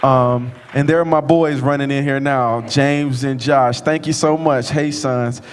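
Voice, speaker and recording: The choir's director, steady and unhurried in a mid-range voice, thanks people after the concert in a direct, friendly way, addressing the audience himself. Long reverb fills the big hall, with audience noise and slight background noise.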